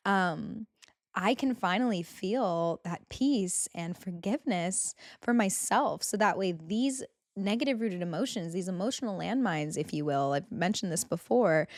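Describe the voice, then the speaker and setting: A woman's voice: mid-range voice, lively intonation, moderate pace, dry recording, clean studio sound. A young woman hosting a spiritual self-help podcast, talking in a heartfelt, emotional way about inner healing. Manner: heartfelt, gets emotional and laughs through tears. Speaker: podcast host.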